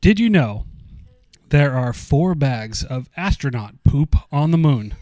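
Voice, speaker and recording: A man's voice: medium pitch, expressive, takes it slowly, warm tone, no room sound. A man co-hosting a casual podcast, bantering playfully. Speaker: podcast co-host.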